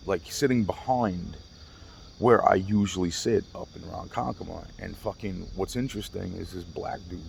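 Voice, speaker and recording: Deep gravelly man ranting about his week. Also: darkish tone, slight background noise. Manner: profane, restless, repeats himself. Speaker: vlogger. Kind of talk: rambling casual storytelling.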